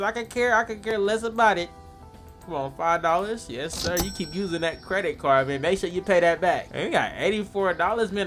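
A man's voice: fairly high pitch, a bit bright. A young man, giving playful, hyped gameplay commentary and joking with the customers in the game. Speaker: gaming YouTuber.

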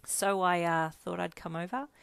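A shy, warm-hearted teenage boy who hesitates and lets his words trail off, read by a woman. The voice sits a bit low and the sound is close and dry, like a fan storybook reading. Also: steady tone, moderate pace, vocal fry, clean tone, dry recording.

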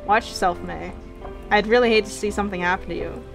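A woman reading out a stern woman police officer from a game, giving measured warnings over game music. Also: mid-range voice, natural voice. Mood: ominous.

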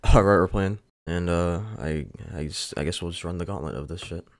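A young man giving casual gameplay commentary, frustrated and self-mocking, swearing and breaking into jumpy outbursts. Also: low-pitched. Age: young adult. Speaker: gaming YouTuber.

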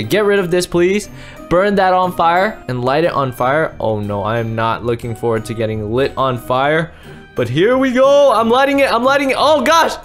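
A young man giving excited gameplay commentary, jumping between calm talk and loud shouting and laughter. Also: medium pitch. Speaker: gaming YouTuber.

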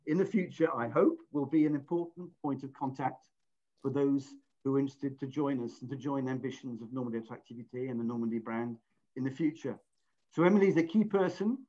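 Chatty middle-aged Englishman hosting a webinar, fairly high voice, muffled video-call sound. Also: a little mellow. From England. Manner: chatty, self-deprecating, restarts often. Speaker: webinar host. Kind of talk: online webinar presentation.

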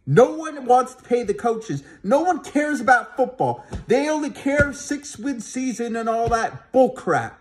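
A man's voice: very high voice, sing-song, measured pace, hardly any pauses. A man ranting angrily and profanely as a sports fan vlogger, talking heatedly to his viewers with frequent restarts. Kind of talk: angry fan rant to camera.

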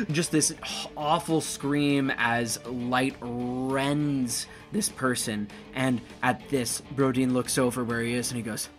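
A man running a tabletop game as game master, narrating vividly with dramatic whispered asides. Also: medium pitch.

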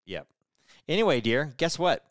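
A man's voice: a little high, sing-song, normal speed, slight background noise. A man hosting a casual podcast chat with his wife, telling stories in a loose, joking way. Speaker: podcast host.

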